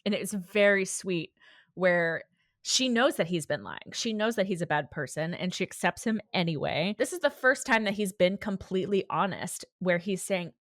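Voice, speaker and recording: A woman's voice: mid-range voice, animated, normal speed, dry recording, clean studio sound. A woman co-hosting a podcast, recapping an episode in casual chat, gushing and enthusiastic. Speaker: podcast co-host.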